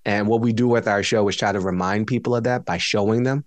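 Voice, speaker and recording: A fast-talking man with a lowish, fairly even voice guests on a podcast from home, sounding tired. Through a studio mic with a dry recording, he chats casually, reflective and jokey, laughing frequently.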